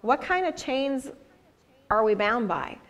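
A woman leads a church discussion in a conversational teaching style, asking guiding questions and sharing personal stories. Her voice is on the high side, sing-song, and slow.

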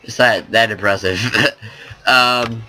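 A young man hosting a gaming channel, rambling and joking excitably in casual gameplay commentary. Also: on the low side, takes it slowly.

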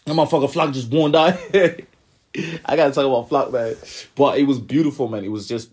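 Young guy riffing on an anime, slangy and rambly, keeps saying "you know what i'm saying", mid pitch. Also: brisk, darkish tone. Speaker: anime commentator. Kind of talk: casual video commentary.

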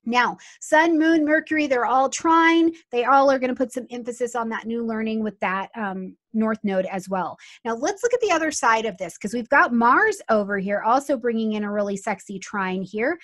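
A woman giving a lively astrology reading, talking straight to her viewers and often asking them questions. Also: fairly high pitch, normal speed, hardly any pauses. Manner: animated, addresses viewers as "you guys". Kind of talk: casual astrology talk to viewers.

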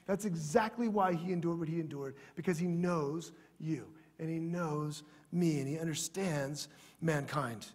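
Husky high-voiced man preaching a sermon. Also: a little slow. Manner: earnest, drops to soft prayerful tones. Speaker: pastor. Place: church.

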